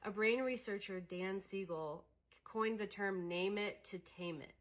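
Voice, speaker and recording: A woman's voice: medium pitch, a little slow. A young adult woman coaching on emotions in a candid, conversational way, with many fillers. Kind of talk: casual teaching monologue.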